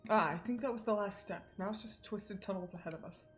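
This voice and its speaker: A woman reading the lines of a stern, determined male detective bird from a game on a livestream, in a steady, earnest voice. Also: mid-range voice, a little fast, soft background music, lightly acted. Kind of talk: game dialogue read on stream.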